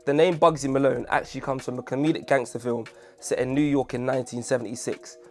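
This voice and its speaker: A man's voice: mid-range voice, fairly even intonation, quick pace, darkish tone, soft background music. A man hosting a casual commentary video, jokey and self-deprecating, full of chatty asides. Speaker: video essay host.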